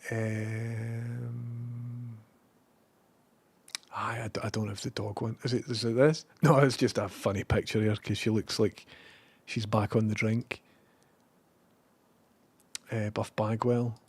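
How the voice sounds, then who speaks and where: A Scottish man chatting casually on a live stream. He rambles, swears freely and now and then bursts out loudly. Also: lowish voice, normal speed, long pauses, husky, no echo. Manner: rambling and profane, with bursts of loud excitement.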